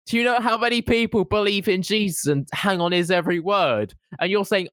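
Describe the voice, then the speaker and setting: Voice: medium pitch, a little fast, hardly any pauses, fairly bright tone, no room sound, studio quality. A podcast co-host in casual comedic chat, teasing a friend, mocking, and laughing often.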